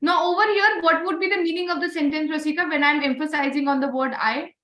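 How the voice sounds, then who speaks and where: High-voiced woman coaching a class. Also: fairly even intonation, fast talker, pushed and bright, a little hiss or hum. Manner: encouraging, repeats praise, mixes in Hindi. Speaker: voice and communication trainer. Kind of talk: online class. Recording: roomy echo.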